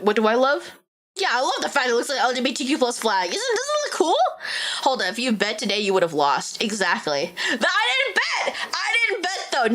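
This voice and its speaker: A woman VTuber streamer with a Valley Girl accent, chatting casually while reading a game aloud, peppered with "like" and sudden excited outbursts. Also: fairly high pitch.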